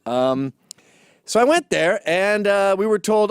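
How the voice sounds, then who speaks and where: A man's voice: high-pitched, lively intonation, slow, smooth, no room sound, clean studio sound. A middle-aged man, a commentator, telling a story in a sarcastic, comedic monologue and acting out quotes in mock voices.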